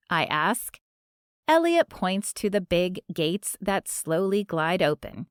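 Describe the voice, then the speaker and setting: Slow, smooth woman narrating a romance. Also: mid-range voice, no echo, clean studio sound. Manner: measured, expressive first-person storytelling. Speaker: audiobook narrator. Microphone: close studio mic.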